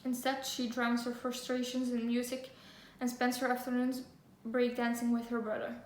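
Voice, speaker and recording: Pitched on the high side with a darkish tone, this young woman speaks in a monotone at a moderate pace while showing off a book haul. She gushes, giggles, leans on fillers, and reads blurbs aloud, recorded in an echoey room with faint ambience and slight background noise.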